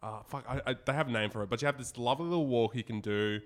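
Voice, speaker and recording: A man's voice: medium pitch, very fast. A man giving a recommendation in a casual chat, hesitating with lots of fillers and crude jokes. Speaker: podcast co-host.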